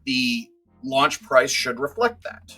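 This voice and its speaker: A man co-hosts a gaming podcast, making an opinionated case about game prices in casual chat. His voice is husky yet bright and forceful. Faint music plays underneath. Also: medium pitch, very animated, slow pace. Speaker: podcast co-host.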